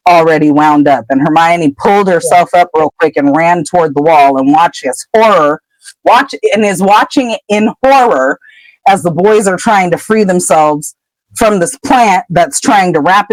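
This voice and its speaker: A woman podcast co-host casually retelling a book chapter, an animated storyteller who laughs often. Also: lowish voice, no echo, poor audio.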